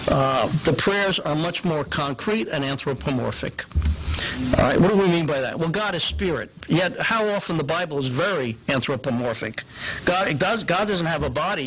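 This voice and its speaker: A man giving a lecture on liturgical prayer, who reads prayers aloud slowly and often checks in with his listeners. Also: on the high side, a bit bright, slight background noise, low-quality recording. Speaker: teacher on liturgy. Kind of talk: explanatory lecture.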